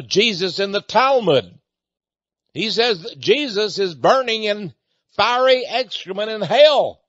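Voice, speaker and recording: A man hosting a radio talk show, preaching emphatically and pitching a product, with repeated words and sarcastic asides. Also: fairly bright tone, no room sound, highs cut off. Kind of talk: preachy radio monologue with an on-air sales pitch. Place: studio with a co-worker present.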